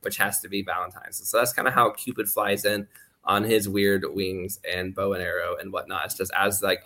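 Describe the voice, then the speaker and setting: Rambling low-voiced man, bright tone. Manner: rambling, heavy use of "like" fillers; acts out quoted voices while explaining. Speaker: guest speaker. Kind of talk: casual podcast chat.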